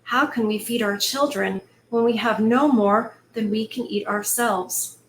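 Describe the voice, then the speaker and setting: A woman's voice: on the high side, steady tone, measured pace, fairly bright tone, a little hiss or hum. Worried woodcutter father in a fairy tale, anxious, pleading, read by a woman, echoey room. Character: poor worried woodcutter father, weak-willed man. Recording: echoey room, faint ambience.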